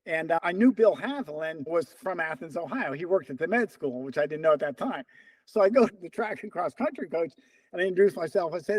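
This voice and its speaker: Animated older man telling stories. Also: fairly high pitch, brisk, no echo. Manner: animated storyteller, acts out quoted dialogue. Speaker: interview guest, runner and coach. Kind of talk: casual storytelling.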